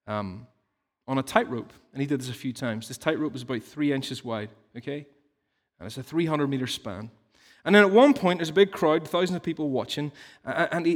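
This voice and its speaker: A man preaching a sermon in an earnest teaching tone, explaining through stories and rhetorical questions. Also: a little high. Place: church hall. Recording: long reverb of a large hall.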